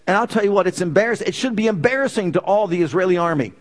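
Emphatic preacher man, fairly high voice. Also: lively intonation, rapid-fire, hardly any pauses. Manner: emphatic, repeating phrases with rising intensity. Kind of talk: sermon.

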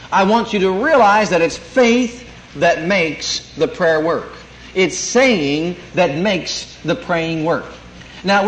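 A man preaching a sermon, emphatic and calling out for amens as he teaches. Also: high-pitched. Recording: echoey room, faint noise.

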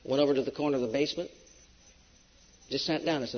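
A man preaching a sermon emphatically, swinging between loud declarations and hushed storytelling. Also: mid-range voice, fast. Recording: dull lo-fi recording with long hall reverb.

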